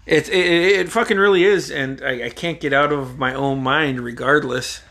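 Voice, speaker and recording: Gravelly-voiced man for a casual podcast chat, rambling, profane storyteller. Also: a little high, moderate pace. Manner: profane, rambling, lively anecdotal delivery.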